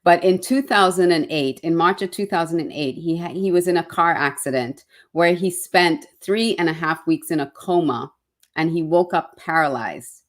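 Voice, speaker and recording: A woman's voice: on the low side, moderate pace. A woman hosting an online interview show, effusive and fumbling over her words, with many fillers. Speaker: show host.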